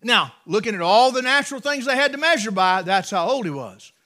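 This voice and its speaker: A man with an Appalachian accent preaching a sermon from the pulpit in a folksy way, repeating words and building to loud, emphatic peaks. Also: sits high, expressive, brisk. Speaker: pastor. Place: church sanctuary.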